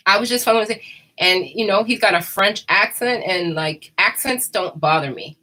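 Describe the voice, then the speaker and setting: A woman's voice: medium pitch, normal speed, pushed and bright, low-quality recording. A woman chatting casually and candidly, rambling and laughing often. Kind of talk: casual chat.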